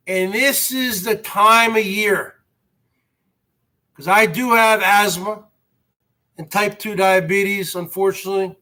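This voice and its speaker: A man hosts a casual basement livestream, complaining at length. His voice sits high and sounds bright, and he talks slowly, swearing and restarting his sentences as he rambles. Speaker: livestream host.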